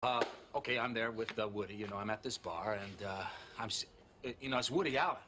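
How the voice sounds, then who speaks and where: A man's voice: on the low side, close to an everyday voice. A man playing a rambling boastful sitcom guy. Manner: rambling, halting, full of fillers. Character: rambling excitable man bragging about a film role. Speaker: sitcom character. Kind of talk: sitcom acting. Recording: noisy sitcom clip played back.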